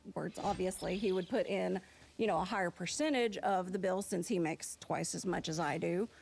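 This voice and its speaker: A woman in her late thirties, a guest on a couples show, recounting events in a measured way with frequent fillers. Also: lowish voice, gravelly, darkish tone, slight background noise. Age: 30s. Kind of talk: unscripted on-camera conversation.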